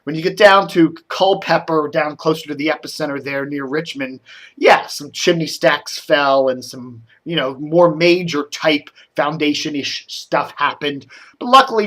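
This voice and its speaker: A middle-aged man from the Washington DC area, talking casually to camera about the news, rambling with lots of fillers and getting animated when riled. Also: on the high side. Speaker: media commentary vlogger. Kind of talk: casual solo commentary.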